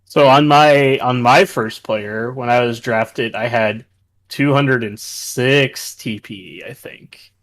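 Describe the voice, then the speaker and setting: A man's voice: medium pitch, steady tone, slow, fairly bright tone, no echo. A man co-hosting a live draft stream, chatting casually and tossing in joking asides. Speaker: co-host. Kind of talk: casual livestream chat.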